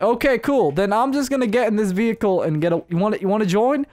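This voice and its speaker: A young man giving playful, jokey gameplay commentary as a YouTuber, breaking into high excited yelps. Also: normal speed, no echo, soft background music. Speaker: gaming YouTuber.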